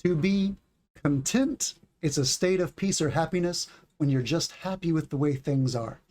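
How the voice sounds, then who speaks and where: In a relaxed livestream English lesson, a middle-aged man from the U.S. answers chat and takes learners through pronunciation at a slow, clear pace. He has a fairly high voice with a darkish tone.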